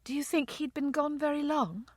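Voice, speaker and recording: Woman narrator voicing a tearful young wife, soft pleading tone, audiobook, very dry sound. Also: fairly high pitch, normal speed, dry recording, voice pushed up, natural voice. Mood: grieving. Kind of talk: audiobook character reading.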